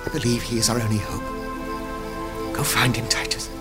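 A man's voice: mid-range voice, little pitch movement, normal speed, over loud music, natural voice. An actor playing a worried, well-off father pleading for his sick daughter. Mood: anxious. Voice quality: anxious, pleading.

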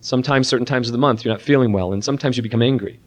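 A man leading a Christian parenting seminar, praying softly and then preaching earnestly and animatedly to a room of listeners. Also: medium pitch, racing, dull audio. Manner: earnest, animated preaching with a soft-voiced prayer. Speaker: seminar speaker. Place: room with an audience.

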